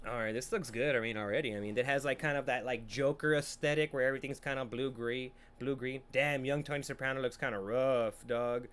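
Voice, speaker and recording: A man's voice: mid-range voice, fairly even intonation, brisk, hardly any pauses, a bit bright, smooth. Profane, rambling podcast host man. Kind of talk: casual trailer reaction and movie review.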